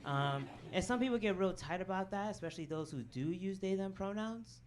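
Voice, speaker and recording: A stand-up comic from Chicago's south suburbs works a club crowd with loose, rambling stories. The delivery is casual, full of "um" and "you know what I'm saying?", and it comes through a handheld mic on a live recording with plenty of room noise. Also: female voice, medium pitch, expressive, a little fast, a little mellow. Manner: casual storytelling, peppered with "um" and "right?". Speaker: stand-up comedian. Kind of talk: stand-up comedy set. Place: comedy club stage.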